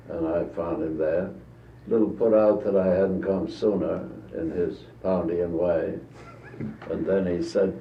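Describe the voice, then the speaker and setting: In a recorded archival interview, an American man in his 80s with a very low voice tells old stories at length, trailing off and haltingly restarting as he rambles. He sits far from the mic, captured on a dull old tape in an echoey room with faint hiss.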